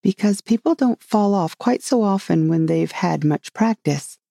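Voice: medium pitch, animated, a little slow, vocal fry, warm tone, dry recording, studio quality, pitched above the performer's own voice. A storybook reader voicing a polite, curious young girl who asks earnest questions in a raised voice.

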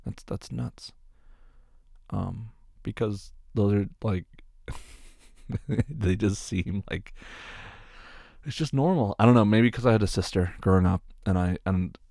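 Low gravelly man answering fan questions. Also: a little slow, long pauses, mellow, no echo, clean studio sound. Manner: rambling, repeats words, swears freely. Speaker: creator answering viewer questions. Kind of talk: casual Q&A chat.

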